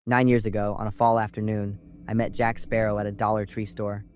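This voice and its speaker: A young man from California calmly narrating a scripted first-person horror story. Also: lowish voice, fairly quick. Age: young adult. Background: faint music.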